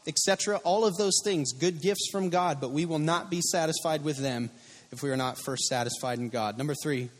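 A man in his thirties preaches an earnest sermon, mixing personal stories with repeated key lines. His voice sits a little high for a man. It rings out through a church hall with a long, lingering reverb. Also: brisk. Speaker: pastor. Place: church sanctuary.

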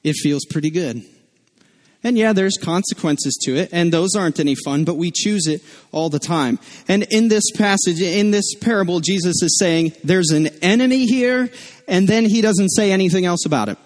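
A man's voice: high voice, normal speed. Earnest man preaching a conversational sermon. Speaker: pastor.

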